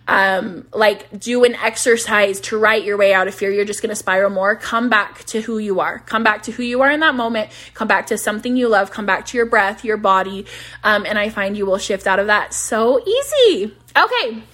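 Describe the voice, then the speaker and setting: A woman in her thirties with a medium-pitched, fairly bright voice hosts her own podcast from home. As a business coach, she gives candid, casual advice, laughs easily, and says "like" often, though her voice is starting to wear thin.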